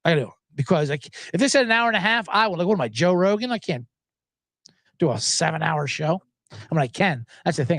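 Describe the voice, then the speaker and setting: A man's voice: fairly high pitch, lively intonation, fast talker, a bit bright, no room sound. A man hosting a sports betting podcast, ranting in a casual monologue, swearing and acting out voices as he quotes people.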